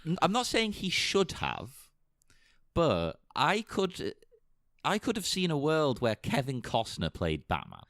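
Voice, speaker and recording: A man's voice: fairly high pitch, huge pitch swings, unhurried, fairly bright tone, dry recording, studio quality. A man guesting on a casual movie podcast, making wry, playful asides.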